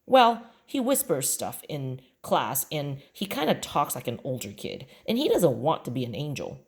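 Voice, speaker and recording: A woman's voice: low-pitched, huge pitch swings, normal speed, full character voice. A woman voicing an earnest, worried third-grade boy with eager, indignant outbursts in a children's book read aloud.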